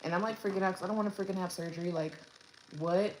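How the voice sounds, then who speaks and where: A woman's voice: on the low side, fairly even intonation, quick pace. A young woman, a new mother, chatting casually through her birth story, rambling with lots of fillers and restarts, at home with her baby. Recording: echoey room, faint background noise.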